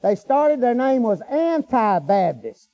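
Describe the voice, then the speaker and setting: A man's voice: very high voice, very animated, slow pace, muffled recording. A middle-aged man preaching a storytelling sermon in a folksy, colloquial way, breaking into hallelujahs.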